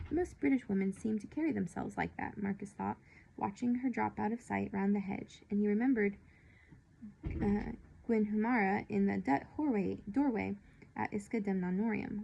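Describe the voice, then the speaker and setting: A woman reading a novel aloud in an unhurried way, now and then stumbling and correcting herself. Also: medium pitch, gravelly, mellow, a little hiss or hum, low-quality recording. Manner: unhurried, occasional slips and restarts. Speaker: reader of a children's novel. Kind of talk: read-aloud storytelling.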